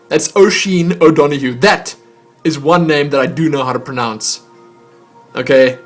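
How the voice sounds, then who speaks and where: A man's voice: on the high side, lively intonation, measured pace, long pauses, slightly rough, faint music behind. Chatty man hosting a mail show. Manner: chatty, self-mocking, stumbles over foreign words. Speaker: vlog host opening fan mail. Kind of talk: casual chat to camera.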